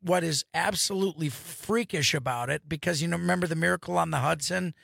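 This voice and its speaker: A man hosting a casual radio show, telling animated, joking stories from a studio. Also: a little high, gravelly, no echo. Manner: animated, joking, quick storytelling. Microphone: studio microphone.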